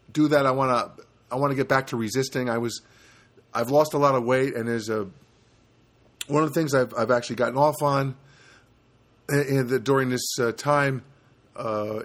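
A man's voice: mid-range voice, fairly bright tone. Rambling man musing to camera. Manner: rambling, with many fillers and self-corrections; wry, self-mocking asides. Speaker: vlogger. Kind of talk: rambling personal monologue.

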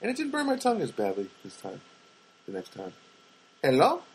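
An older man talks through a casual solo podcast in a husky voice. He tells everyday anecdotes in a rambling way and often stops to correct himself. He adds wry asides as he goes. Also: medium pitch, huge pitch swings, fast talker. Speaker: podcast host.

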